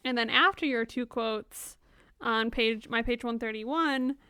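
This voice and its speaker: A woman in casual conversation about a book, unhurried and amused, reading quotes aloud. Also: a little high, bright, forceful tone, clean tone, dry recording, studio quality. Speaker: book discussion co-host. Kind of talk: casual chat.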